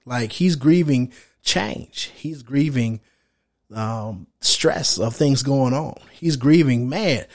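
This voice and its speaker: A man in his thirties hosting a podcast, giving casual, direct advice in a slangy, animated way and acting out what other men might think. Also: mid-range voice, slow pace. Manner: animated, slangy and direct, acts out quoted thoughts. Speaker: podcast host.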